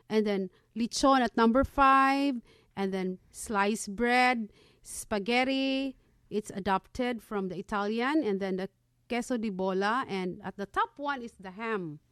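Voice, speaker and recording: A Filipino woman co-hosts a community radio show, reading a prepared segment and listing items one at a time. Her mid-range voice is smooth, and the studio recording has no echo.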